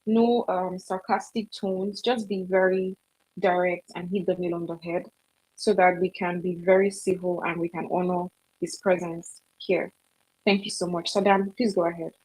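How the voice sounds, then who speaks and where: Firm woman moderator, breathy. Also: on the low side, little pitch movement, normal speed, darkish tone, low-quality recording. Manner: firm, polite, lays down rules. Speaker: co-host moderator.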